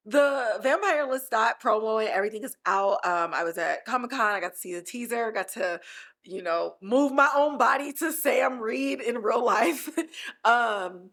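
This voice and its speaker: A woman's voice: a little high, lively intonation, unhurried, a bit bright. A woman hosting a casual TV recap podcast, teary and gushing, often laughing as she talks. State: teary, close to crying. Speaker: podcast host.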